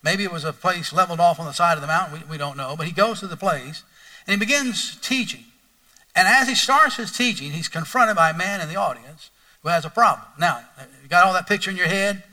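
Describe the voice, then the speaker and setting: A man preaching a sermon in an animated, conversational way, reading scripture and asking the congregation questions. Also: sits high, fairly quick, distant mic, rough recording. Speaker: pastor.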